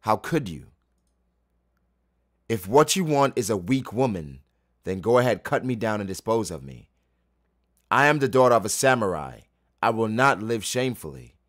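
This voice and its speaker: A man's voice: fairly low pitch, sing-song, normal speed, pauses often, fairly bright tone, no echo, studio quality. A man reading a manga aloud and voicing a proud, defiant young woman who speaks firmly. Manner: firm, defiant.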